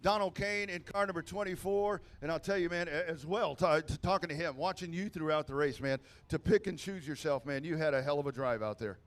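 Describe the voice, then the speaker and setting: A man announcing a race finish and interviewing drivers in victory lane, outdoors at a dirt track, talking excitedly with stammers and loud calls. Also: on the high side, fast talker, hardly any pauses.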